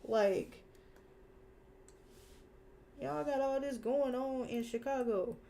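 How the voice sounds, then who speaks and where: A young woman chatting on a live stream as she draws. She rants in a casual, slangy, animated way and laughs easily. Her voice sits a little high. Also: a little slow, long pauses. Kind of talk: casual rant while drawing.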